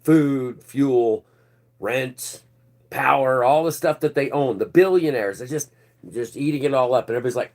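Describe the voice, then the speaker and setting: A man's voice: medium pitch, normal speed, a little mellow. Sarcastic man ranting on a news channel. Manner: sarcastic, rambling, swears freely. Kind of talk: casual ranting commentary.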